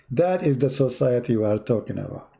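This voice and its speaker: Male livestream host, mocking, loose broken English, dark gravelly voice. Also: medium pitch. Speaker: host of a live stream. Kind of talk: casual livestream talk and joke telling.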